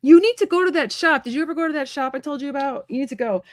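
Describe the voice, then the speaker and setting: A woman giving a live-stream tarot reading from home, talking fast and rambling in a chatty way with many fillers. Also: high voice, no echo, studio quality. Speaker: psychic medium and tarot reader.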